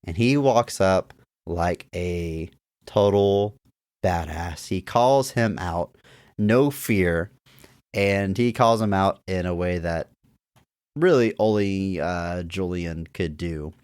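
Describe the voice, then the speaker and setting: A man co-hosting a movie podcast, talking in a relaxed, agreeable way with chuckling asides. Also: low-pitched, takes it slowly, smooth, dry recording, clean studio sound. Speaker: podcast co-host. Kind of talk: casual movie review chat.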